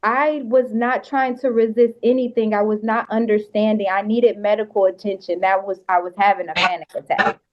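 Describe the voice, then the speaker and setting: A woman's voice: medium pitch, steady tone, moderate pace, dull audio. A woman speaking as a defendant in a court hearing, anxious and pleading, often cutting in over others, heard over a video call.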